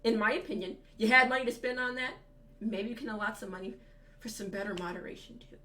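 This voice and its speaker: A woman's voice: a little high, fairly even intonation, fast talker, pushed and bright. A woman co-hosting a podcast in casual chat, thinking aloud in a rambling way with many fillers. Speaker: podcast co-host.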